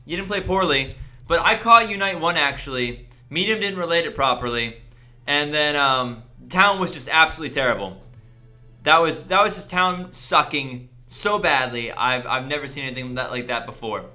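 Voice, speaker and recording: Exasperated high-voiced male streamer. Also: normal speed, pushed and bright, soft background music. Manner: exasperated ranting at players. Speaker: game streamer. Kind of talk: livestream commentary.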